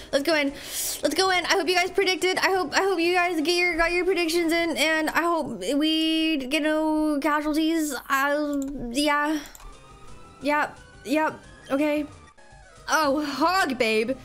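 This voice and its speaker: A young woman commentates her live game playthrough in a high voice. She is excitable and swears freely when things go well. Faint music plays under her talk. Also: measured pace. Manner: excitable, shouts and laughs at big moments. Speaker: streamer.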